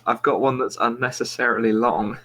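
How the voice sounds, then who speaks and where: A man's voice: mid-range voice, steady tone, fairly quick, noisy background. A man hosting a casual quiz chat, telling a long shaggy-dog joke in a meandering, self-interrupting way. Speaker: quiz show host. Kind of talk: rambling joke-telling among friends.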